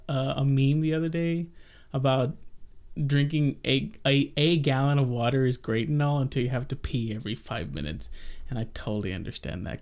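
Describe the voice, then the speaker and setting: This is a young man hosting a podcast, chatting casually and rambling from one goofy bit to the next. His pitch sits in an ordinary middle range, and he jokes around loosely as he talks. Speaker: podcast host. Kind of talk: casual chat.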